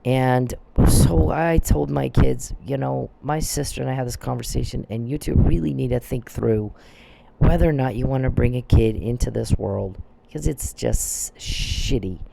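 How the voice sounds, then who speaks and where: A man's voice: mid-range voice, normal speed, gravelly, warm tone, a little hiss or hum. A man delivering a profane, confrontational rant that speaks straight at the people he blames, often repeating and restarting phrases. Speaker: vlogger. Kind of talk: angry ranting monologue.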